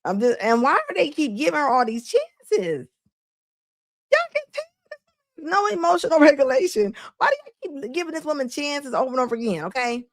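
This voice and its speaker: High-voiced woman laughing through emphatic commentary. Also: sing-song, fast, hardly any pauses, no echo. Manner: laughing often, emphatic and scolding. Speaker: host. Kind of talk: live commentary on a video clip.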